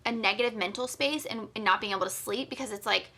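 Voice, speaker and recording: A woman's voice: mid-range voice, fast, sharp tone. A woman co-hosting a podcast, chatting candidly and casually with many "like" fillers. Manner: candid, filler-heavy, frequent "like". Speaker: podcast co-host. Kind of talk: casual conversational chat.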